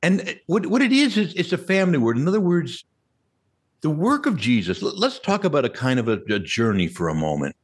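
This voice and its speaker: Husky, animated male priest preaching. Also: fairly high pitch, brisk. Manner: animated, conversational preaching with rhetorical questions. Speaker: Catholic priest. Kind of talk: sermon.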